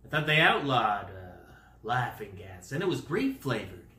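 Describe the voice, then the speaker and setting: A man rambling through a goofy comic monologue full of wordplay, swinging into loud exasperation. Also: medium pitch, very animated, normal speed, echoey room.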